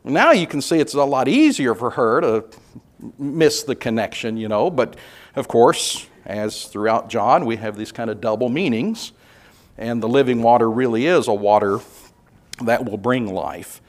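A man teaching a conversational Bible class, relaxed and hesitant with many filler sounds, putting questions to the group. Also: mid-range voice, unhurried. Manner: asks the group questions and reads scripture aloud.

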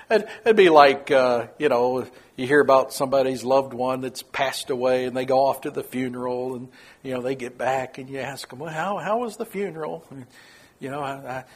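A man's voice: fairly even intonation, normal speed. A man teaching a Bible study in a folksy, chatty way, chuckling often and acting out quotes. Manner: folksy, chuckling, acts out quoted lines in a high voice.

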